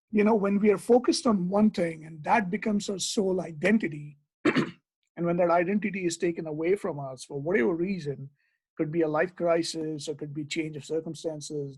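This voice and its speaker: Guy hosting an interview, kinda husky voice, lots of uh and you know. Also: high voice, a little mellow, rough recording. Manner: thoughtful, many fillers like uh and you know. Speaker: host. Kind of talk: conversational interview.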